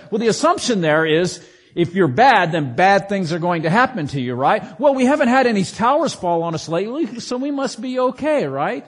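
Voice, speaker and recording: A pastor giving a conversational sermon, asking many rhetorical questions and reading scripture aloud with dramatic emphasis. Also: male voice, high voice, very animated, normal speed. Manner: dramatic voices for quoted scripture and stories.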